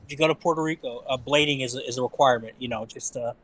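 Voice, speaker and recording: A man co-hosting in casual chat, relaxed and agreeable. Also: medium pitch, rapid-fire.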